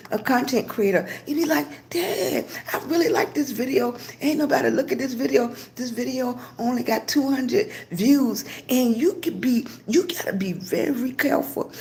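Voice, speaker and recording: A woman's voice: mid-range voice, darkish tone, slight background noise. An older woman from Virginia hosting a casual livestream, greeting viewers by name and giving motivational talk. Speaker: livestream host.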